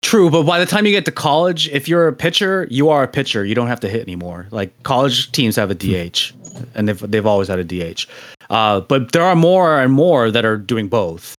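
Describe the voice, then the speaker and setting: A man's voice: medium pitch, animated, brisk, dry recording. A man hosting a casual sports talk show, reading stats and then chatting. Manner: reads stats, then chats. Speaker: host.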